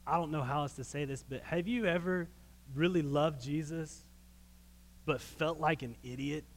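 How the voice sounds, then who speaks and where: Folksy preacher guy, high lively voice, long church hall echo. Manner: animated storytelling, folksy. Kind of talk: sermon.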